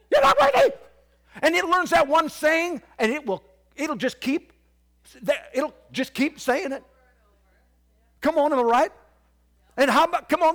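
A man preaching a sermon to his church, swinging from quiet, low asides to loud, squawking outbursts. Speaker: pastor.

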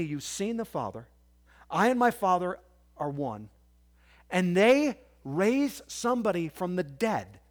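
A male preacher delivering a sermon from the pulpit. His voice sits high and moves all over the place, dropping to near murmurs before leaping into loud, squawking bursts. The delivery is loose and conversational, full of restarts and calls to the congregation. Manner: preacher's swings from quiet to loud, squawking parrot imitations. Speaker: pastor.

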